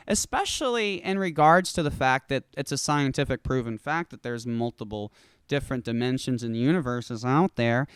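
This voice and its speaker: A show host delivering a rambling, profane, animated stoned comedy rant. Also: medium pitch, smooth, dry recording, studio quality. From California.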